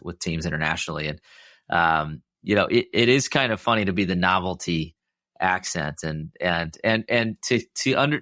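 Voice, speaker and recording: A man's voice: low voice, a bit bright, dry recording, studio quality. A man with a Midwestern American accent hosting a podcast interview, chatty and full of fillers and restarts. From Midwest US, Iowa. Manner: chatty, many fillers and restarts, laughs easily. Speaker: podcast host. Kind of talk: casual interview chat.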